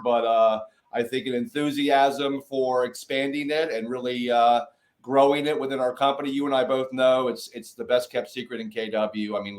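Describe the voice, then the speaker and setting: A man hosting a casual interview, upbeat and enthusiastic in his delivery. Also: medium pitch. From Atlanta, Georgia. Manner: upbeat, hype-style talker. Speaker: interview host.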